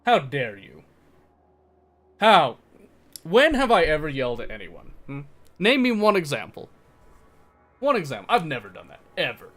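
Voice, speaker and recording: A man's voice: fairly high pitch, wildly swooping pitch, normal speed, long pauses, a bit bright, faint music behind. A young man live-streaming a game, chatting casually with his viewers in a playful, teasing, mock-defensive way. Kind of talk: casual live-stream chat while gaming.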